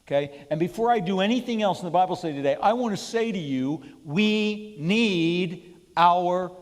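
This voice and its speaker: A man's voice: high voice, lively intonation, fast talker, a little mellow. Emphatic man preaching in a church hall. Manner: emphatic, keeps asking the room "okay?". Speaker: pastor leading Bible study. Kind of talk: sermon-style Bible study. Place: church hall with an audience, live streamed.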